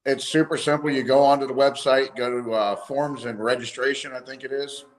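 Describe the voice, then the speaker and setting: A man's voice: medium pitch, steady tone, a little fast. A man who organizes an event, a guest on a live stream, explaining things plainly and step by step.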